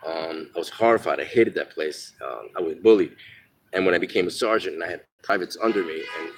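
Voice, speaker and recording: A man's voice: sits low, brisk, slight background noise. A man telling candid stories from his own life in a rambling, profane way with lots of fillers, and giving blunt advice to listeners. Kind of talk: candid personal storytelling monologue.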